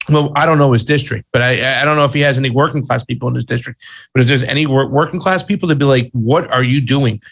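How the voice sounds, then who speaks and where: A man's voice: medium pitch, fast, creaky, a bit bright. A man co-hosting a political commentary show, blunt and exasperated, with slangy asides. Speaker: co-host.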